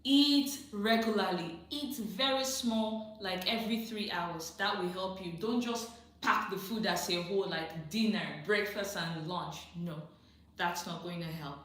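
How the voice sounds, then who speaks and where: A woman's voice: medium pitch, a little slow, fairly bright tone. A chatty woman hosting a live stream, her voice bouncing around a very echoey room. She talks straight to her viewers, laughs easily, and says her advice twice to make it stick. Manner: chatty, direct, laughs often, repeats advice for emphasis. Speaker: livestream host answering viewer questions. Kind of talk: casual live chat, reading and answering comments. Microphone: phone or computer mic on a livestream.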